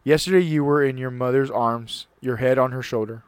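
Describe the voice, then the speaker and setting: A man's voice: mid-range voice, steady tone, a little fast, smooth, no room sound. Male host, mid-range voice, dry close mic; casual solo talk, earnest read-aloud with occasional stumbles. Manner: reads aloud earnestly, stumbles and restarts on words.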